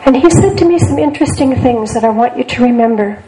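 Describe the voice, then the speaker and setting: A woman's voice: on the high side, lively intonation, fast talker, warm tone, slight background noise, poor audio. An older woman psychologist giving a talk to a group, speaking earnestly and repeating words for emphasis. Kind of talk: lecture to a group.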